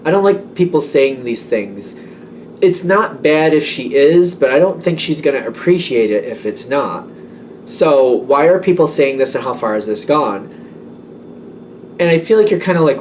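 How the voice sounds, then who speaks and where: Man, casual tarot reading, lively up-and-down voice, slightly distant from the mic. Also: medium pitch, normal speed, slight background noise. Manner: rambling and self-doubting, with many fillers. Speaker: tarot reader.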